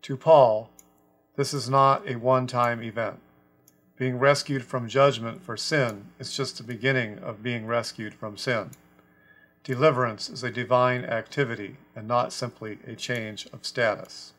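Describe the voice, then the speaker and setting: A man teaching a scripture lesson about a translation, speaking deliberately and stressing quoted words. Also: medium pitch, fairly even intonation, a bit bright. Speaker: Bible teacher.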